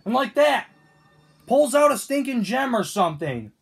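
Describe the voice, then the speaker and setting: A man's voice: very high voice, big pitch swings, moderate pace, creaky, husky, faint music behind, full character voice. A man voicing Toad as a grumpy, whiny male figure in a fan-made cartoon, ranting with indignant questions.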